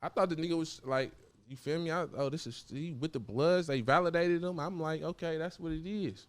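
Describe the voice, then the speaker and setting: A man's voice: fairly high pitch, fairly quick. A young adult man from Oakland, a rapper guest, talking loosely in slang and acting out quotes from others. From Oakland, California. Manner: loose, animated storytelling with slang and acted quotes. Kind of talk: casual interview talk.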